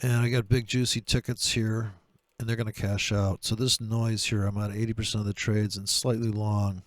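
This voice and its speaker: Low gravelly guy cussing thru his trading charts, sarcastic, dry close sound. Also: level tone, moderate pace, dry recording. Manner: profane, sarcastic ranting. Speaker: trader. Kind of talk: screen-share trading commentary.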